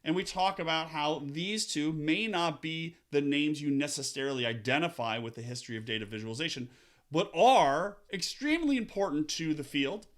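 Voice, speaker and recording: A male podcast host with a slightly high voice. He sounds upbeat and eager, and he leans on key words with sharp lifts in pitch as he introduces the show and chats with his guests. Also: animated, normal speed. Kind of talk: podcast intro and interview chat.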